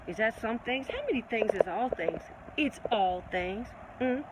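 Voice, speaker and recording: An excitable woman answers viewers' questions in a loose, chatty live stream, her voice a little congested. She gets preachy and keeps calling people baby. Steady traffic noise from outside carries under her voice. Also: medium pitch, a little slow. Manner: animated and preachy, calls listeners baby. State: slightly congested.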